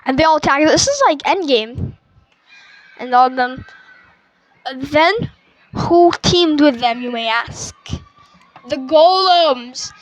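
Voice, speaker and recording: A woman's voice: sits high, measured pace, long pauses, rough recording. A woman casually retelling a movie plot, rambling with fillers and restarts.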